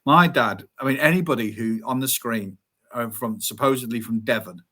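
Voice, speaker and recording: A man's voice: mid-range voice, moderate pace, pushed and bright. A man hosting an interview, chatting easily and asking friendly questions. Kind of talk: conversational interview.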